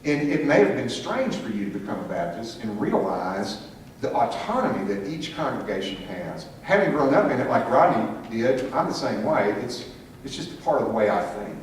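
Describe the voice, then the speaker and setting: A man's voice: mid-range voice, very animated, moderate pace. A man teaching a church class who asks the group questions and calls on people by name. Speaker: Sunday school teacher. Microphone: room mic from a distance. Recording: echoey room from far off, faint hiss.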